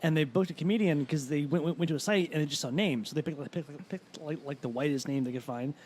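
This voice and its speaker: A man's voice: on the high side, quick pace. Rambling, profane man telling stories. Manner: rambling animated storyteller who swears often. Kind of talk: casual podcast chat.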